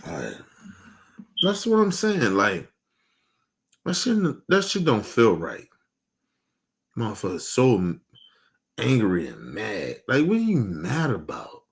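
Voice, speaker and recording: A man streaming an emotional, profane rant, repeating himself with heated questions and trailing off into low mutters. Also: huge pitch swings, slow, pauses often.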